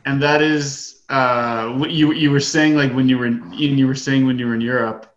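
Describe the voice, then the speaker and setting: A man co-hosting a podcast in casual chat, explaining in a relaxed way with a few restarts. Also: mid-range voice, moderate pace, echoey room, lo-fi sound. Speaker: podcast co-host.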